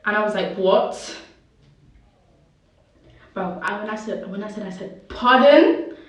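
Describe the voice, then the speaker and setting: A young woman, telling a personal story haltingly and with emotion, her speech full of "like". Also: mid-range voice, steady tone, a bit bright, distant mic. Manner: halting, heavy use of "like", emotional. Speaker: vlogger. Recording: very echoey room, voice off the mic.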